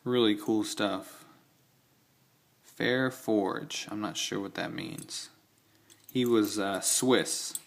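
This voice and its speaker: Extremely slow and pausing often, a young man with a low, gravelly, steady voice presents his old-style knives and keys in a relaxed vlog. A knife collector, he rambles, revises what he says and offers enthusiastic asides.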